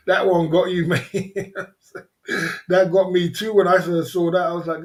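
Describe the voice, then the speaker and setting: A man hosts a casual livestream hangout from a home setup, his voice sitting a little high for a man. He talks in loose slang, laughs between phrases and loops back over the same lines. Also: level tone, measured pace, pauses often. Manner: laid-back, chuckling, slangy, repeats himself. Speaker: livestream host.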